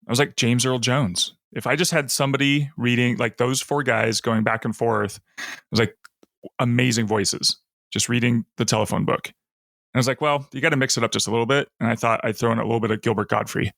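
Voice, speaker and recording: A man on a podcast talks eagerly and jokes, often restarting his sentences. His voice has a gravelly fry to it, and the recording is dry and close, with no room sound. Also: medium pitch, steady tone, a little fast, fairly bright tone, no echo. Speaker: podcast co-host. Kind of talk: casual chat.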